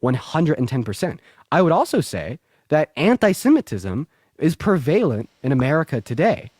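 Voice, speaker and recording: Combative male streamer, lively pitch. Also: normal speed, husky, dry recording, clean studio sound. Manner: combative, interrupting, repeats himself. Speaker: livestream host. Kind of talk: heated live debate.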